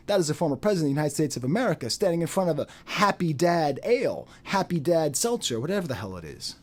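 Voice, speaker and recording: A man's voice: a little high, very animated, normal speed. A man giving an unscripted commentary monologue, repeating phrases for emphasis and dropping into mocking quoted voices. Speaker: YouTube commentator.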